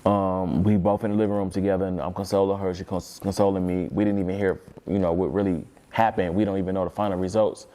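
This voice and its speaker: A man's voice: low voice, level tone, fast, hardly any pauses, dark tone. A man talking as an interview guest, telling a long story in a rambling, repetitive way and swearing freely.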